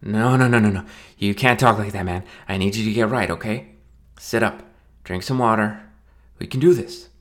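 A man's voice: normal speed, close to an everyday voice. A man voicing an anxious young best man who coaxes his drunk friend in an earnest, rising voice. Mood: urgent coaxing. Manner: earnest, coaxing, rising higher.

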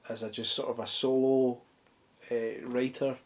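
Scottish male musician guest, home studio, mid pitch, meandering delivery full of fillers. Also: level tone, moderate pace. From Scotland. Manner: thoughtful, rambling with many fillers. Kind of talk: casual interview chat.

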